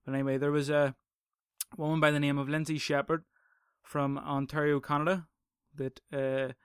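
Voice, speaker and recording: A man's voice: on the high side, little pitch movement, normal speed, clear, resonant tone, no echo, clean studio sound. A young man hosting a casual solo podcast, swearing, rambling and sarcastic. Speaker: podcast host.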